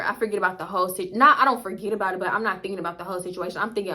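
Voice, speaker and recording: A woman's voice: on the low side, rapid-fire, few pauses, bright, forceful tone. A young woman telling a story to her viewers in a casual, chatty, slangy way. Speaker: vlogger.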